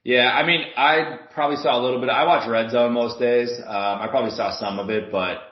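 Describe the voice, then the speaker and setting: A man's voice: medium pitch, steady tone, brisk. A man co-hosting a casual sports podcast, swearing, laughing a lot and fumbling for names. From Milwaukee. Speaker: podcast co-host. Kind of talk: casual chat. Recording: dull lo-fi podcast audio.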